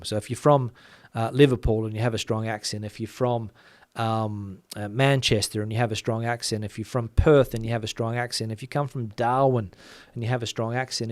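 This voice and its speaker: A man from Western Australia with a softened Australian accent, hosting a casual chat, reading out viewer comments and talking quickly with lots of fillers. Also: mid-range voice, no echo, studio quality. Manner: chatty, many fillers, talks fast. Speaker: channel host.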